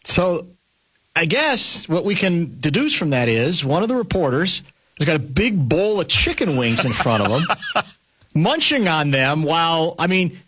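A man's voice: on the high side, big pitch swings, measured pace, fairly bright tone, breathy edge. A man co-hosting a sports talk show, chatting casually, laughing often and restarting his sentences.

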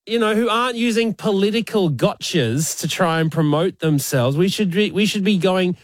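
A man's voice: sits high, no room sound. Aussie guy chatting on a radio show, laughs a lot, bouncy voice, dry mic. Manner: animated, quick to laugh. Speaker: radio co-host. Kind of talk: casual banter.

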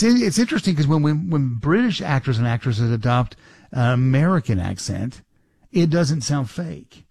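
A man's voice: fairly high pitch, breathy edge, dry recording. A middle-aged man hosting a talk radio show, rambling casually with many restarts and fillers.

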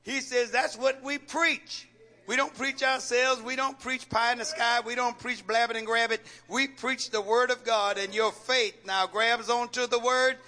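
Preacher guy, real high bright voice, call and response stuff, keeps repeating lines. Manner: folksy, joking with the congregation. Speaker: pastor. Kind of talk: sermon.

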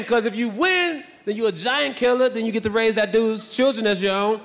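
A young adult man doing stand-up, telling self-mocking stories loudly and acting out voices. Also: high-pitched, fairly quick, creaky, noisy background. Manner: loud, animated, self-mocking, acts out voices. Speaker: stand-up comedian. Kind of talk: stand-up storytelling. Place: stage in a large hall. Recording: live hall with long reverb.

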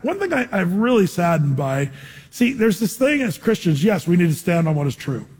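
High-voiced husky preacher in a hall. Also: male voice, normal speed. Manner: conversational, rhetorical questions, animated asides. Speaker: pastor. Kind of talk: sermon. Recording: long reverb in a large hall.

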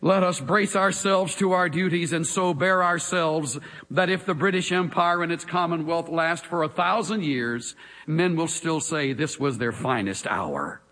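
A man preaching a sermon in a dramatic way, moving between hushed lines and emphatic calls. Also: on the high side, a little slow. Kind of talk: expository sermon. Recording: long hall reverb.

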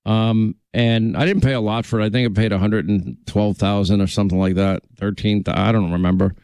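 A man's voice: lowish voice, steady tone, brisk, a little mellow, clean tone, dry recording. A man hosting a call-in radio talk show, chatting with callers in a friendly, rambling way.

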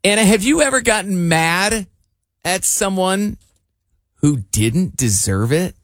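A man's voice: sits high, expressive, slow, fairly bright tone, dry recording, clean studio sound. A man co-hosting a morning radio show, quizzing and teasing his co-host in casual chat. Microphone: studio microphone.

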